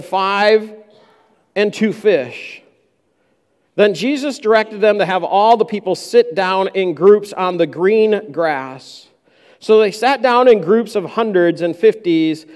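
A man's voice: high-pitched, darkish tone, big-room sound. A man preaching a sermon, who acts out the disciples' complaints in a raised voice. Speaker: pastor.

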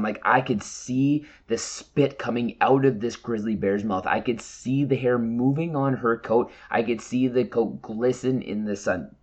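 A man's voice: medium pitch, muffled recording. Man telling a wild story, lots of swearing. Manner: animated, profane, breathless retelling with shouted quotes. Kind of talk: casual storytelling.

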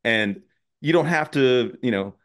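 A man hosting a podcast in casual chat, rambling and excitable, often restarting his sentences. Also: medium pitch, measured pace. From southern US. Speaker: podcast host.

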